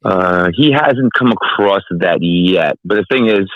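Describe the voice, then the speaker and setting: Male caller, deep-ish voice, dull muffled line, blunt and opinionated. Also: animated, a little slow, dry recording. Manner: blunt, opinionated, matter-of-fact. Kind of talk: casual call-in chat. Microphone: phone line.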